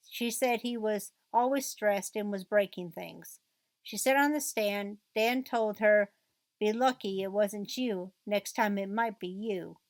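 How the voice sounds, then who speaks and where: A woman narrating a true crime essay video, reading court and book quotes in a steady read-aloud manner. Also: mid-range voice, no room sound.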